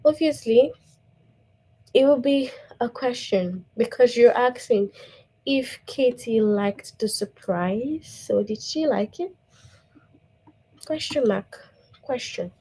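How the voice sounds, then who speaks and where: A woman teaching a grammar lesson to young children, slow and patient, often checking in with "okay?". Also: a little high, dark tone, breathy edge.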